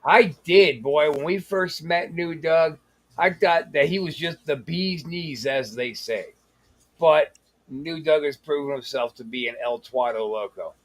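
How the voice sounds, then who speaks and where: A man's voice: fairly high pitch, unhurried. A man hosting a casual comedy show, talking in a sarcastic, teasing and profane way. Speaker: host.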